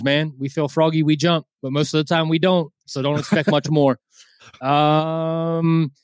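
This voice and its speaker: A man co-hosts a boxing podcast, trading casual, crude, joking banter. His mid-range voice is smooth, and the recording is dry and studio quality.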